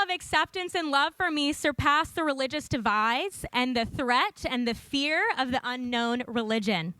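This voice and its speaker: A woman's voice: sits high, normal speed, hardly any pauses, bright, forceful tone, clean tone. A young woman giving a prepared conference talk into a podium microphone, earnest and lightly humorous as she tells a personal story. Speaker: conference speaker. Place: conference room.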